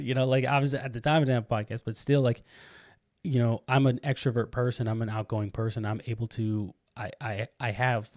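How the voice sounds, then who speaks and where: A man tells a story in casual podcast chat. His voice is mellow and dark, and the sound is dry and close. He rambles, restarting sentences and leaning on fillers. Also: medium pitch, no room sound. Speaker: podcast co-host. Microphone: podcast microphone.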